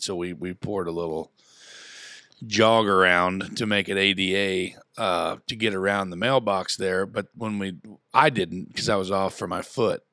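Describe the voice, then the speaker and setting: A man's voice: low voice, a bit bright, no echo, studio quality. A man in his thirties with a Southern Indiana accent, telling a long story in casual chat with his podcast co-hosts. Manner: rambling storyteller, acts out quotes. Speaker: podcast co-host.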